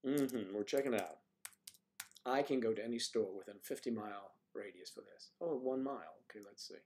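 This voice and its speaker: A man's voice: lowish voice, a little fast, a little mellow. A man hosting a casual livestream, musing aloud and joking as he reads out viewer comments. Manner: rambling, joking. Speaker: livestream host.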